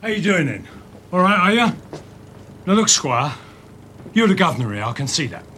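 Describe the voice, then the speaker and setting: A hard-bitten Cockney ex-convict in a film scene, cool and quietly menacing. He talks slowly in street slang, with a slightly raised pitch and a faint hiss of background noise. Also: big pitch swings, exaggerated voice. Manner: street slang, slow, threatening. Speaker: film character.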